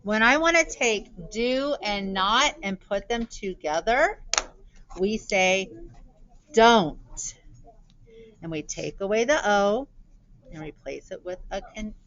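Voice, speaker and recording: A woman teaching a spelling lesson to young children, sounding out letters and words slowly and clearly. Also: medium pitch, lively intonation, fairly bright tone. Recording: dull lo-fi recording.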